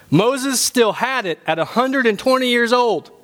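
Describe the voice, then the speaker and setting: A man with a notably high voice preaches a sermon to his church. His delivery is animated and humorous, and he climbs to emphatic points. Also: normal speed, hardly any pauses. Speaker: pastor.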